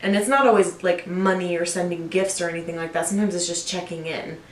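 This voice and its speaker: A woman's voice: lowish voice, steady tone, quick pace, recorded from a distance, a little hiss or hum. Brief: young woman, upbeat chatter, heard a little off-mic in an echoey room. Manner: chatty, upbeat, lots of fillers. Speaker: co-host. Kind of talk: casual chat.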